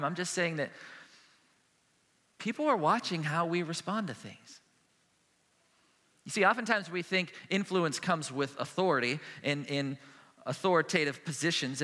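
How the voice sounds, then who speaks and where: A man preaching a sermon as a pastor, earnest and conversational, speaking plainly about faith and struggle. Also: fairly high pitch. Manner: earnest, conversational preaching with a hushed closing prayer. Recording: long hall reverb.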